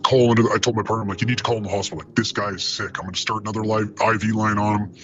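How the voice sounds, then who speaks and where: A man's voice: lowish voice, rapid-fire, slight background noise. Profane storytelling man on lo-fi line. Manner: profane, animated retelling with acted quotes. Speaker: paramedic telling a story. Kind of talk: casual storytelling.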